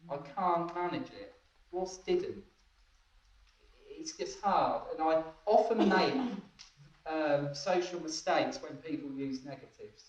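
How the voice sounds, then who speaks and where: A man's voice: on the high side, animated, slow pace. A man giving a training talk, often laughing and checking that his listeners follow. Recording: echoey room, distant dull mic.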